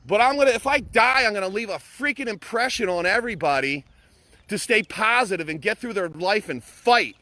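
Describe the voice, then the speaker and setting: A man's voice: high-pitched, pushed and bright, no echo. A middle-aged man giving an impassioned, blunt pep talk to camera, emphatic, repetitive and peppered with swearing. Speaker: motivational vlogger.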